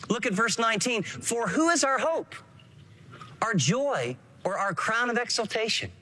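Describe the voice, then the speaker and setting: A male preacher delivering a sermon in a high, lively voice that swoops up and down. He presses his points with emphasis and keeps asking the congregation questions. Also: a little slow. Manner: animated, emphatic, asks the audience questions. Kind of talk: radio sermon.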